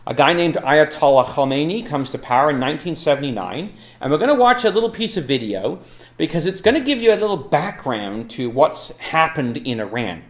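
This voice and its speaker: A man's voice: on the high side, sing-song, fairly quick, reverberant. A man giving a casual, chatty talk on history with lots of ums and uhs. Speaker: Bible talk speaker. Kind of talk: informal lecture on history.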